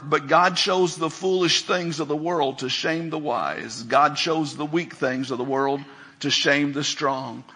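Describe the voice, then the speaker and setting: A man's voice: on the high side, pushed and bright, husky. A middle-aged man preaching a sermon as a pastor, telling stories with emphasis and asking the congregation questions.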